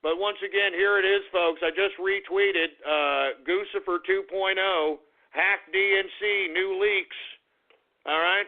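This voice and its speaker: A man's voice: high-pitched, steady tone, a little slow. A man hosting a talk radio show, ranting in a profane, stammering monologue. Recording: phone-like lo-fi radio audio.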